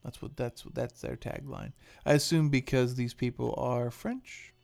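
A man's voice: mid-range voice, unhurried, creaky, darkish tone, soft background music. Joking man hosting a wine podcast. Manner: joking, rambling. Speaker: podcast host. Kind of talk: casual wine podcast chat.

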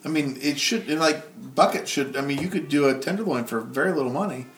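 A man's voice: fairly high pitch, a little fast, faint music behind. A man co-hosting a wine podcast, trading dry jokes in casual banter. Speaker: podcast co-host.

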